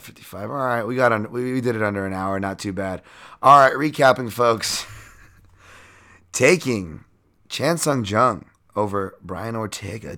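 A man's voice: on the low side, a bit bright. A man hosting a solo podcast, talking casually and rambling with lots of fillers and self-mocking asides. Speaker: podcast host and betting analyst.

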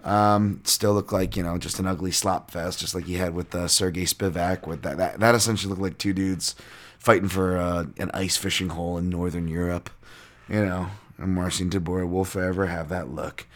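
A man's voice: sits low, fairly even intonation, moderate pace. A man hosting a podcast, casually breaking down fight results in a loose, rambling way with lots of fillers and swearing. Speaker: podcast host and fight analyst.

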